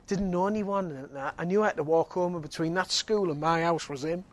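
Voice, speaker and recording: A man's voice: a little high, brisk. A man, preaching a sermon and telling a personal story with laughter and frequent restarts. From Northeast England.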